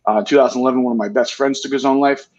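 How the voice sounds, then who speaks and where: A man's voice: medium pitch, fairly even intonation, very fast, darkish tone, dull audio. A man in his forties as an interview guest, speaking earnestly in candid talk and often tagging his points with "right?". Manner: earnest, tag questions with "right?".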